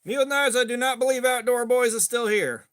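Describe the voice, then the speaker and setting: A man's voice: very high-pitched, moderate pace, a bit bright. A middle-aged man hosting a casual livestream chat, rambling and swearing freely with a lot of filler. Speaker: host.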